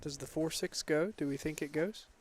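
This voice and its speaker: Man, fairly high voice, pool commentary booth, teasing, faint noise. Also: normal speed. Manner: teasing, analytical, laughs often. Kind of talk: live commentary with banter.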